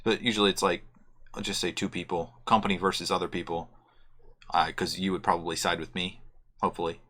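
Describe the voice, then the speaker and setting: A man's voice: low-pitched, level tone, brisk, sharp tone. A man co-hosting a podcast in a casual chat, explaining things plainly with dry humor. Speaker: podcast co-host.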